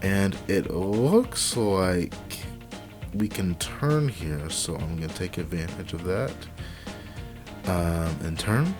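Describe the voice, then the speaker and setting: A young man quietly commenting on a truck driving game at home at night, rambling with lots of fillers and restarts on a cheap desk microphone. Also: deep voice, lively intonation, slow pace, over music. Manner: hushed, quiet talking to avoid waking family. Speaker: let's play gamer. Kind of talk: casual gameplay commentary.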